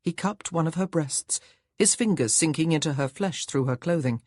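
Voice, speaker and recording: A man narrating a historical romance audiobook in a measured, even storytelling manner. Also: a little high, no echo, clean studio sound. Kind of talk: scripted narration.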